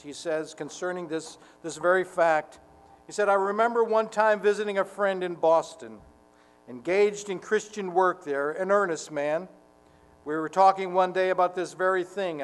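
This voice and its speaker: Slow, earnest male preacher in a hall. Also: sits high, fairly bright tone. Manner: earnest, slow and deliberate, swelling to fervent emphasis. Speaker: pastor. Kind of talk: sermon.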